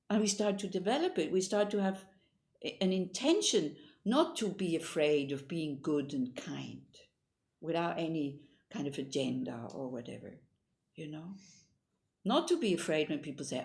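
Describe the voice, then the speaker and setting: Woman meditation teacher, lowish gravelly voice, rambling storytelling. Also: lively intonation, normal speed, a little mellow. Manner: informal, meandering, with frequent restarts. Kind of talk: dharma talk with storytelling.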